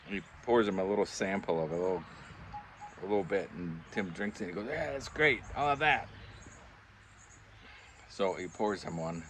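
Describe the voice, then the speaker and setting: A man's voice: low voice, moderate pace, pauses often, a bit bright, a little hiss or hum. An older man telling rambling, chuckling pub anecdotes in a casual vlog, acting out the voices he quotes. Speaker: vlogger. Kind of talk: casual storytelling. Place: backyard pub shed.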